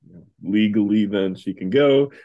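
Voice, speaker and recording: A man's voice: fairly low pitch, moderate pace, muffled recording. A man co-hosting a podcast, chatting casually about a comic book and thinking aloud. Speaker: podcast co-host.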